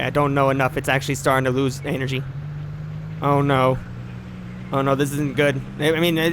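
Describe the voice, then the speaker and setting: A man's voice: a little high, noisy background. A man streaming a driving game, talking in rambling, joking asides full of fillers. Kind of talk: casual gameplay commentary.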